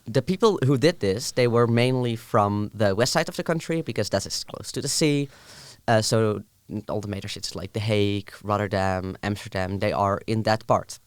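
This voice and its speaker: A young man from the southern Netherlands, Dutch his first language, explaining things carefully in casual podcast chat with many pauses. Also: on the low side, smooth, no echo. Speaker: podcast guest.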